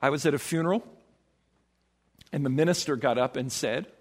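A man preaching a sermon as pastor, emphatic, acting out quoted voices with sudden swings in pitch. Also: normal speed, long pauses.

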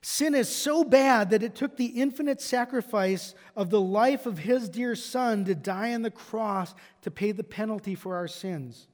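A male pastor with a strikingly high voice delivers an emphatic sermon, pressing his point with repeated rhetorical questions. His voice rings with the long reverb of a large church hall. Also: a little slow, few pauses, darkish tone.

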